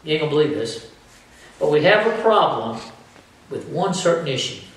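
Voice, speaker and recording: Man preaching a sermon, high pitch, lively, heavy church echo. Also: normal speed. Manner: animated preaching, acting out voices. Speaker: pastor. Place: church sanctuary. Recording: echoey church from far off.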